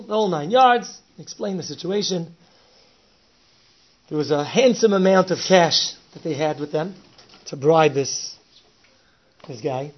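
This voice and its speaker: A man telling a story with lively energy, often laughing and slipping in Yiddish words. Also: high voice, creaky, husky. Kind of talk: animated oral storytelling. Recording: dull lo-fi recording with faint hiss.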